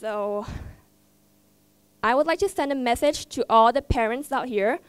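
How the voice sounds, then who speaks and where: A teenage girl with a Vietnamese accent giving a heartfelt, halting speech at a school event, often repeating herself as she searches for words. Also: a little high, clear, resonant tone, no echo. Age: teens. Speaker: student speaker. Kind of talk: emotional personal speech.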